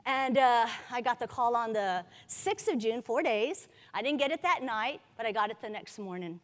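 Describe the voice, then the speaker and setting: Lively woman speaking in a reverberant hall. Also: fairly high pitch, normal speed. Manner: lively, humorous, candid storyteller. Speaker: patient advocate speaker. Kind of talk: personal story told to a live audience. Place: large conference hall.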